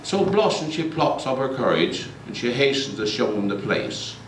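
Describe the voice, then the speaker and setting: A man performs a comic recitation, his pitch rising and falling lively as he tells it. He stands far from the mic in an echoey concert hall with a faint murmur of room sound. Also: moderate pace, slight background noise. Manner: lively storytelling.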